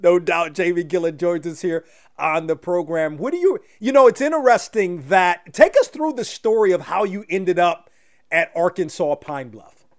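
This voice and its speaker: A man hosting a sports program, asking questions in a halting, stumbling way. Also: high-pitched, expressive. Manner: halting, stumbling over phrasing. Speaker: radio show host. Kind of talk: interview questions.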